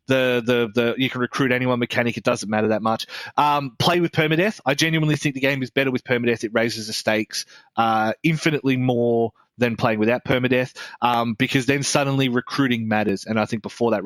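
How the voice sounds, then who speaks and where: A man's voice: medium pitch, fairly bright tone, no echo. Blunt Australian man, dry close sound. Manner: blunt, swearing, fast rambling with many restarts. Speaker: podcast co-host. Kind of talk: casual chat.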